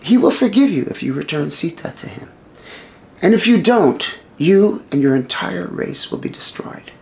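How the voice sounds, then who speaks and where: Guy doing a soft, reverent monkey warrior, calm and devoted. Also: high-pitched, moderate pace, gravelly, full character voice.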